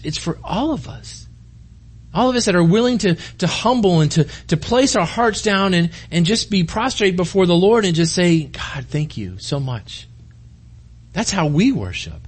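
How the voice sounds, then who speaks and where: Male pastor, middle-aged, fairly high voice, conversational sermon, restarts his sentences, quiet and intense at times. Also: husky.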